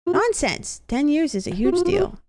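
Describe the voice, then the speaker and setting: Woman voicing a raised-pitch, gushing game character, eager. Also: sing-song, measured pace, dark tone, no echo. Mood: excited.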